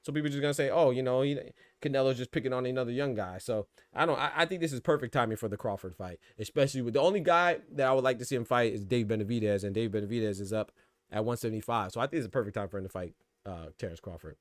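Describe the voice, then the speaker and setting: A man's voice: mid-range voice, lively intonation, very fast, dry recording. A man hosting a casual boxing podcast livestream, talking loosely in slang and laughing often. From Florida.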